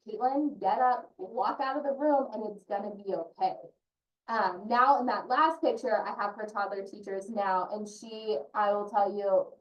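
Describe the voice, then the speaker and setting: A woman's voice: mid-range voice, highs cut off. Earnest woman on a roomy distant mic. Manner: earnest, personal, heartfelt. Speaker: early childhood consultant and parent. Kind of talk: presenting in an online training session.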